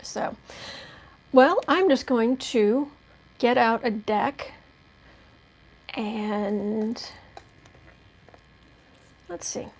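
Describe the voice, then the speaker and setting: Chatty woman with a fairly high voice. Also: very slow, pauses often. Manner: chatty and rambling, with many restarts and asides. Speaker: tarot reader and livestream host. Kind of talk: casual livestream chat. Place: at home indoors.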